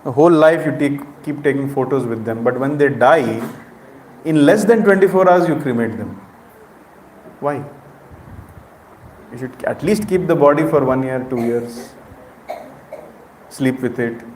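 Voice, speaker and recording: A man's voice: mid-range voice, a little slow, pauses often, a little mellow, slight background noise. A middle-aged man with an Indian accent giving an interactive spiritual lecture, questioning the audience directly. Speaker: spiritual speaker. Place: temple hall with audience. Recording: echoey hall.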